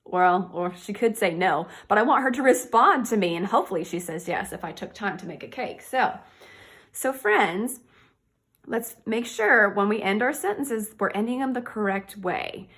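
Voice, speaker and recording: A woman teaching a reading and punctuation lesson to young children, cheerful and encouraging, slowly sounding out words. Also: medium pitch, animated, a bit bright. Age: adult.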